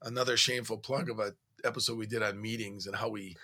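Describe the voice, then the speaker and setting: A man co-hosting a podcast, telling stories in a casual, animated way. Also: fairly low pitch, fast. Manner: animated storyteller, recounting conversations. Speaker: podcast co-host.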